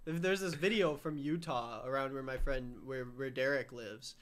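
A man's voice: mid-range voice, moderate pace, fairly bright tone. A young man chatting casually with friends, rambling and laughing as he acts out scenes. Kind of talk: casual chat among friends.

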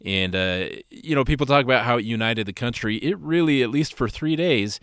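Podcast co-host, male, smooth clear voice, dry close sound, loose conversational storyteller. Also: medium pitch, a little fast, dry recording. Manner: relaxed, rambling anecdotes with fillers. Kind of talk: casual storytelling chat.

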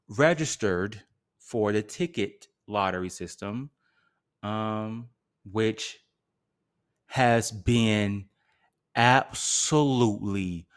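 A man hosting a podcast, ranting theatrically with sarcastic asides. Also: on the low side. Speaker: podcast host. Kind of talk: solo podcast rant.

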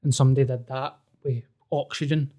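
A young man hosting a podcast who tells a story in casual, colourful language, full of swearing and restarts. His voice is mellow and dark, sitting at a middle pitch. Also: a little fast. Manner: sweary, animated, with frequent restarts. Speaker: podcast host.

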